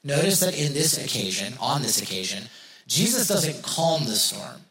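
A male pastor in the middle of a sermon, chatty and plain-spoken, who keeps asking the congregation questions and circles back to repeat his main points. His voice sits at an ordinary middle pitch. The sound carries a roomy echo, as in a church sanctuary. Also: very animated, moderate pace, a crowd in the background. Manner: conversational, rhetorical questions, repeats key phrases.

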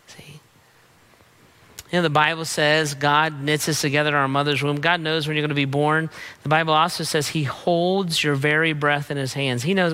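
A man's voice: on the high side, bright, forceful tone, smooth. A man preaching a sermon in a punchy, emphatic way, mixing in casual slang. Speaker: pastor.

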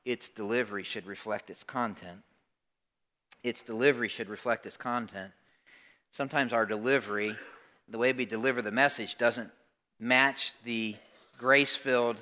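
Bright-voiced preacher, hushed then booming. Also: male voice. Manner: conversational preaching, swings from hushed to loud emphatic bursts. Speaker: pastor. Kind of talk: sermon. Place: church service before a congregation.

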